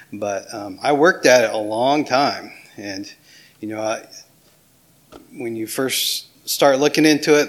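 A man's voice: mid-range voice, a bit bright. A middle-aged man with a Southern US accent, giving a casual, self-deprecating sermon as a pastor. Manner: casual, self-deprecating, with small laughs and restarts.

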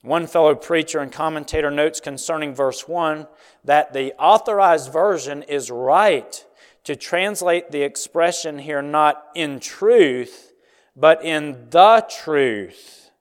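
A man preaching an expository sermon in an earnest, emphatic way, slowing down on key phrases. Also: a little high, clear, resonant tone. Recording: long hall reverb.

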